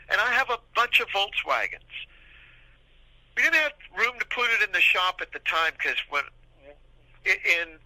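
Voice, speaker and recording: On a podcast, this sixties-aged guest spins loose, animated stories, voicing the dialogue of the people in them. His voice is a little high, and the recording is dry and poor in quality.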